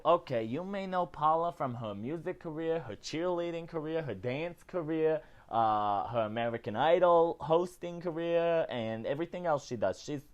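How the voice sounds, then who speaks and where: A man's voice: fairly high pitch, lo-fi sound. Chatty man hosting celebrity news. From not British. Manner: chatty, animated, keeps tagging lines with "okay?". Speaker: host. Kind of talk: casual celebrity news commentary.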